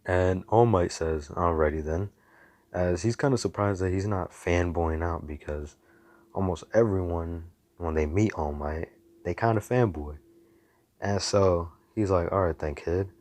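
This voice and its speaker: A man's voice: deep voice, a little slow, darkish tone, no echo. A man telling a story in a casual, rambling way, full of slang and cursing.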